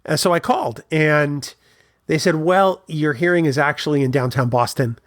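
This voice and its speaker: A man's voice: fairly high pitch, moderate pace, no echo. Storytelling podcast man, dry close mic. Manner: storytelling, animated anecdotes. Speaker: podcast co-host. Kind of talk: casual chat.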